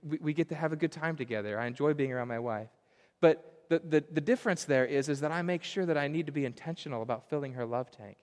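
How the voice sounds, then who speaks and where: A man preaching a sermon on fatherhood in an earnest, confessional way, often pausing and repeating words. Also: mid-range voice, a little mellow, big-room sound. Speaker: pastor.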